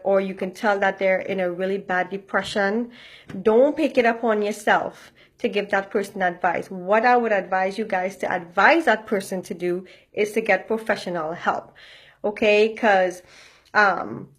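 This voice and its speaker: A woman vlogger giving casual, blunt life advice straight to her viewers, swearing freely and checking in with a frequent "okay?". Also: mid-range voice. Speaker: motivational vlogger. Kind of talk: casual direct-to-camera advice.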